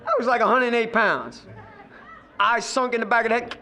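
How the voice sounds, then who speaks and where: A man's voice: extremely high pitch, a little fast, music in the background. A middle-aged man giving his recovery testimony at a meeting, telling his story emphatically, repeating phrases and speaking straight to the listener. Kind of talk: personal recovery testimony to an audience.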